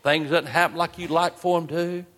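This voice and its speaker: A man preaching a sermon, asking repeated rhetorical questions with drawn-out emphasis. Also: on the high side, steady tone, fairly bright tone, in a large hall. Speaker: pastor. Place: church.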